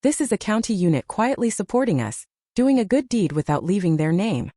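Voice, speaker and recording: A woman's voice: mid-range voice, dry recording, studio quality. Woman voicing an eager army cook man. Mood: excited. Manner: excited, hurried. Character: kind male army cook in his thirties.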